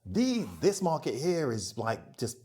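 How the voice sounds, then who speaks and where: A middle-aged man, a rum ambassador, talking as a guest in a conversational interview, telling animated stories and laughing often. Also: medium pitch, measured pace. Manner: animated storyteller who acts out dialogue and laughs often.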